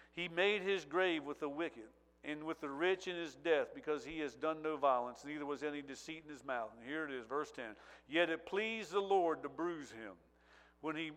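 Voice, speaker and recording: A fairly high-voiced man preaching, swinging between quiet asides and loud, drawn-out scripture reading. His voice rings out with a long reverb tail, as in a large church hall. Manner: reads scripture with rising intensity, repeated praise interjections.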